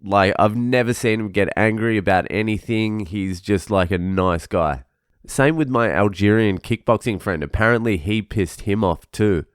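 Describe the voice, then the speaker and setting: A man's voice: on the low side, normal speed, smooth, dry recording, clean studio sound. A young man, ranting casually about work and swearing constantly. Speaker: vlogger. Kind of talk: casual venting monologue.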